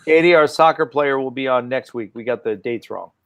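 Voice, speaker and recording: A man hosting a casual chat show, talking in a relaxed, rambling way with trailing sentences. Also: medium pitch, a little fast. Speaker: host.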